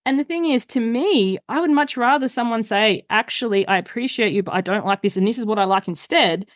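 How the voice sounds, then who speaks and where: A middle-aged woman, a coach who is a guest on a podcast, chatting casually and telling lively stories, acting out quoted voices along the way. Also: a little high, fairly quick, no room sound, clean studio sound. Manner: animated storyteller, acts out quoted voices.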